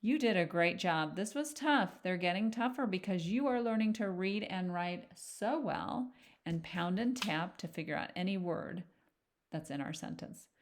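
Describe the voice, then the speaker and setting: A woman teaching young children to read, patiently sounding out letters and words one at a time in a slow, gentle phonics lesson. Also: fairly low pitch, lively intonation. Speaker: reading teacher.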